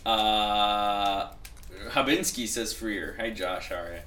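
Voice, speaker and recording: A man hosting a game stream, chatting casually and reading out viewer comments, quick to laugh. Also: on the low side, echoey room, far from the mic, slight background noise. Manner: animated, laughs often, bursts into loud shouts. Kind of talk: casual chat while playing a game.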